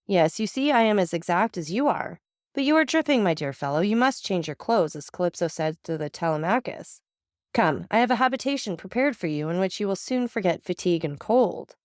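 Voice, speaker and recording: A woman voicing a grave, melancholy adult male count in an audiobook reading, speaking in a calm, measured, earnest way. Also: mid-range voice, dry recording, clean studio sound, natural voice.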